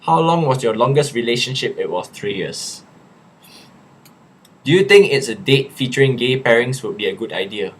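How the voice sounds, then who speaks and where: A young Singaporean man in a casual live chat, reading viewers' questions aloud and answering them in a relaxed, chatty way. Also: mid-range voice, normal speed, slightly rough.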